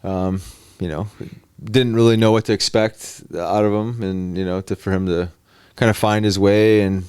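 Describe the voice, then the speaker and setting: A laid-back man co-hosting a sports podcast in easygoing chat. His voice is low and smooth, and the recording is close and dry. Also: fairly even intonation, moderate pace, darkish tone, no room sound. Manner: laid-back, lots of "you know". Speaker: podcast co-host.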